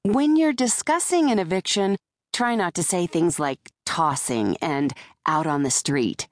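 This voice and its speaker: A brash, wisecracking woman lawyer, as the narrator plays her, lifting her voice into a bright, lively register. She sounds quick and joking. The recording is close and dry. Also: fairly low pitch, dry recording. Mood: breezy wisecracking. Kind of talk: audiobook character voice. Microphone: close studio mic.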